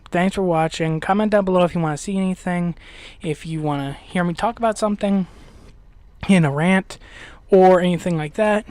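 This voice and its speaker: A gaming channel host talks through gameplay in a loose, rambling way, stopping and restarting often. A slight lisp shows on some sounds, and the mouth sounds a little dry. The voice sits at an ordinary middle pitch, recorded close and dry with no room sound. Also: darkish tone, no room sound. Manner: rambling, hesitant talk with many restarts. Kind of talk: casual gameplay commentary.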